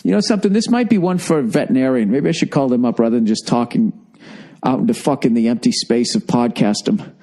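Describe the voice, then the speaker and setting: Tired forties male podcast host, rambling profane monologue, warm low timbre. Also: quick pace. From United States. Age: 40s. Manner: rambling, profane storytelling with lively acted-out quotes. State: lethargic, tired. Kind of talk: solo comedic monologue.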